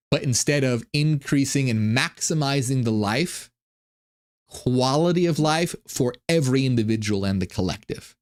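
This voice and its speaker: A man hosting a channel, giving a rambling, profane monologue with many restarts. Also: medium pitch. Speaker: channel host. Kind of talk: monologue commentary on ancient texts.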